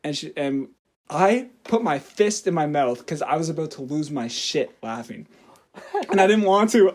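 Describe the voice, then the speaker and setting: Animated young man, somewhat high. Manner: animated, laughs through his story, swears freely. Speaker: podcast co-host. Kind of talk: casual storytelling.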